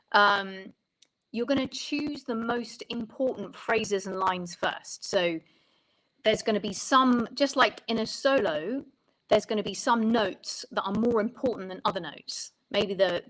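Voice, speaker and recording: Woman, songwriting coach, interview guest, thoughtful, explanatory, mid-pitched voice, restarts sentences. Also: a bit bright, poor audio.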